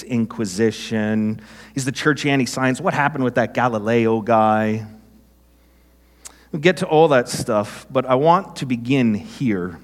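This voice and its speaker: A middle-aged man preaching a sermon as pastor, conversational, with self-deprecating asides and stories. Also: medium pitch. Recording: reverberant hall.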